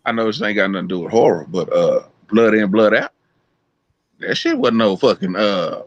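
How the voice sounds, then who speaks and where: Casual podcast co-host, a man with a lively, swooping delivery and a muffled lo-fi sound, heavy on swearing and voiced quotes. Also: lowish voice, moderate pace, no echo. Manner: profane, animated storytelling with voiced quotes. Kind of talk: casual chat. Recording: dull lo-fi sound.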